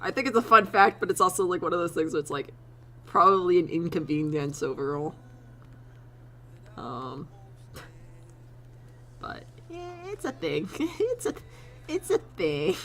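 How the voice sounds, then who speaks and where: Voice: medium pitch, sing-song, measured pace, pauses often, a bit bright, slight background noise. A streamer chatting casually to their chat, rambling with frequent laughs and casual swearing.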